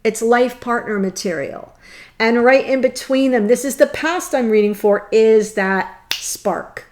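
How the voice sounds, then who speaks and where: A woman reads tarot to her viewers at a slow, drawn-out pace, her voice sitting a little high. She gushes and turns tearful as she talks, laughing through her emotion. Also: darkish tone. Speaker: tarot reader. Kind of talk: emotional tarot reading to camera.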